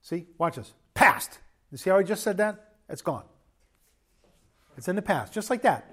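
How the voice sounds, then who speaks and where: A man's voice: high-pitched, lively intonation, normal speed. A man preaching a sermon as pastor in a church, conversational and joking with emphatic bursts.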